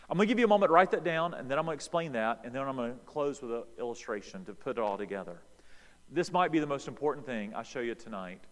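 Animated preacher in a reverberant hall. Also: male voice, medium pitch. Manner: emphatic, animated storytelling preacher. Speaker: pastor. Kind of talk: sermon. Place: church sanctuary.

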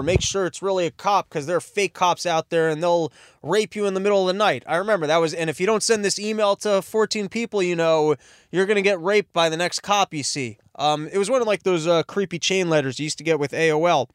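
A man's voice: sits high, clear, resonant tone, no room sound. Rambling, sarcastic man, dry sound. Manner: rambling, sarcastic, self-interrupting. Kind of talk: rambling comedic monologue.

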